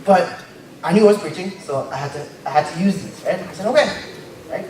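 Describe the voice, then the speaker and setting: A young man giving a casual, joking sermon as a lay preacher, tagging his points with quick asides. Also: high voice, animated, darkish tone. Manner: informal and joking, tags lines with "right?". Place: church hall. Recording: very echoey church hall, mic far off. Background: congregation noise.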